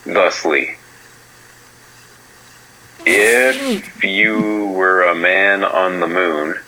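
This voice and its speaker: Very deep, slow, husky-voiced man. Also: sing-song, pushed and bright, slight background noise, low-quality recording. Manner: hesitant, stilted, halting phrasing. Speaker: voicemail caller. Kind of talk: mock-formal question.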